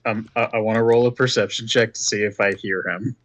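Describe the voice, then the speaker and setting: A man's voice: on the low side, steady tone, brisk, fairly bright tone, a little hiss or hum. A man playing in a tabletop game, talking in a laid-back, joking way, swearing and stumbling over his words. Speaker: player. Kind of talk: casual tabletop play.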